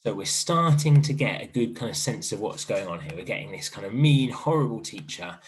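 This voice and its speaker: A man teaching an online primary literacy lesson in a gentle, encouraging way, thinking aloud as he writes. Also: fairly low pitch, lively intonation, fairly quick.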